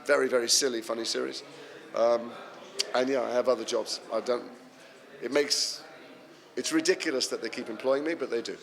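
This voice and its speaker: English man telling lively anecdotes. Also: medium pitch, normal speed, creaky, pauses often. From England. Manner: animated anecdotal storytelling, self-deprecating humour. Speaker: actor answering fan questions. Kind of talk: convention panel Q&A.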